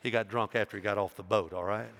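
A male pastor preaching a sermon with fervor, building loud and high on his emphatic points and dropping low and quiet for asides. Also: fairly even intonation, quick pace. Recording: long hall reverb.

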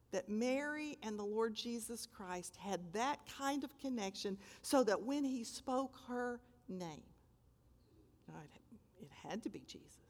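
An older woman preaching a sermon, telling the story dramatically and with emphasis, swelling loud and dropping to a hush. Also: a little high. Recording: long hall reverb.

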